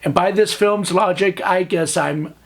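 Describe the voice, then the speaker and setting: A man's voice: high-pitched, a little slow, vocal fry. A man hosting a comedic movie review, narrating with sarcastic, joking asides.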